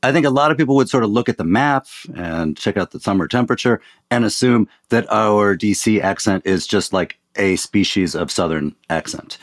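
Low-voiced chatty local host. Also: male voice, normal speed, few pauses. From Washington, D.C. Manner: chatty, uses "like" fillers. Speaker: podcast host. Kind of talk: conversational interview hosting.

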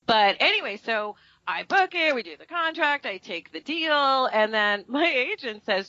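A woman actress talking through her career in a casual interview. Her voice is bright and carries a lot of movement as she acts out quotes. The sound is dry and a little dull. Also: normal speed, hardly any pauses, no room sound. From New York. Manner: animated storytelling, acting out quotes with big pitch jumps. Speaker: actress and guest.

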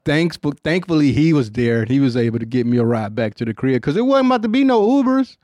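A man's voice: medium pitch, sing-song, fast talker, darkish tone, no room sound. A middle-aged man hosting a podcast, telling stories in a rambling, profane, laid-back way with a Detroit accent. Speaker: podcast host. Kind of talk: casual storytelling chat.

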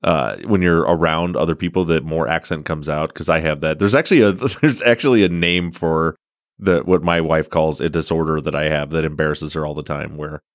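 A man's voice: very deep voice, a little fast, dry recording, clean studio sound. An American man hosting a podcast interview, chatty and rambling, laughing often as he tells stories. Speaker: podcast host. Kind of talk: casual interview chat.

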